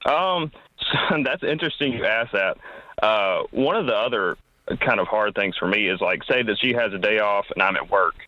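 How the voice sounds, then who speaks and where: A man's voice: fairly low pitch, animated, moderate pace, no room sound. A man calling an advice show, polite and earnest, answering "yes, sir". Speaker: caller. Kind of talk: phone call to advice show. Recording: dull lo-fi phone line.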